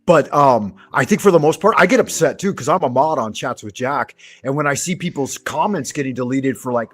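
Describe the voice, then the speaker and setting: A man's voice: medium pitch, lively intonation, brisk, fairly bright tone. A man from Southern California hosting a casual chat, telling rambling, profane anecdotes. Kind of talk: casual conversational storytelling.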